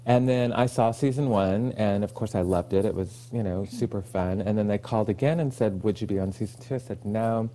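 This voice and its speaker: Guy from oklahoma chatting on a podcast, lowish warm voice, acts out what people said. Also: fairly quick, few pauses, slight background noise. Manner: animated storyteller, acts out quoted lines, laughs easily. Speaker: podcast guest, actor. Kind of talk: casual interview chat.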